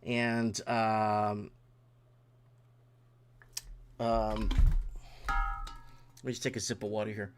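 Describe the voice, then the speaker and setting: A man's voice: fairly low pitch, level tone, extremely slow, long pauses, music in the background. A man hosting his own late-night show, ranting angrily about an insurance office, swearing and restarting his sentences. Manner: angry, swearing, rambling with restarts. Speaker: show host. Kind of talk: casual livestream rant.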